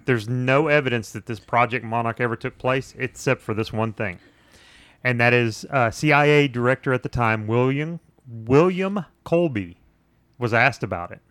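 A man's voice: medium pitch, moderate pace, fairly bright tone, no room sound. A man hosting a podcast, earnestly explaining and steering the conversation back on topic. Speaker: podcast host. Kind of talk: casual podcast chat.

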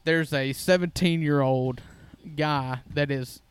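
A man's voice: a little high, slow, clear, resonant tone. A man, co-hosting a podcast and telling folksy, jokey stories in casual chat. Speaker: podcast co-host.

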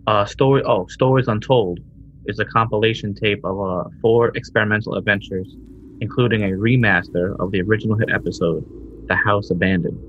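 A man's voice: on the low side, brisk, a little hiss or hum. A laid-back man co-hosting a podcast, slangy and casual, reading game listings. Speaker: podcast co-host. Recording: dull lo-fi recording.

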